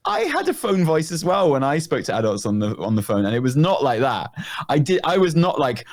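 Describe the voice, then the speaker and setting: A man's voice: medium pitch, wildly swooping pitch, brisk, darkish tone. A man co-hosting a casual gaming podcast, playful and teasing, with a theatrical way of talking. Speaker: podcast co-host.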